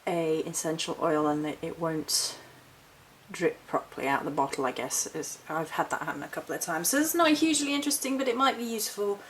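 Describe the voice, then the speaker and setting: A woman's voice: low voice, lively intonation, a little fast, fairly bright tone, a little hiss or hum, low-quality recording. A woman chatting casually through a haul vlog, rambling and correcting herself as she goes. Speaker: witchcraft vlogger.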